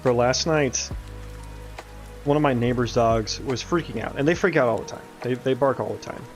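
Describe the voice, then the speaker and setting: A man's voice: mid-range voice, normal speed, soft background music. A young man chatting casually while he works on his game, rambling, swearing and laughing now and then. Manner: rambling, laid-back, swears and laughs often. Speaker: game developer streaming his work. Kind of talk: casual chat while coding.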